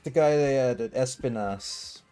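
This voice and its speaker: A man's voice: medium pitch, a little slow, warm tone, clear, resonant tone, faint music behind. A young man in casual chat who talks hesitantly, trailing off while searching for words.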